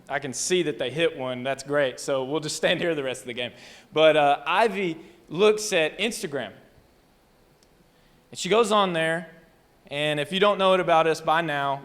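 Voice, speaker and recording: A man preaching a storytelling sermon, animated and rambling, often interrupting himself. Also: fairly high pitch, big-room sound. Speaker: pastor. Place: church hall.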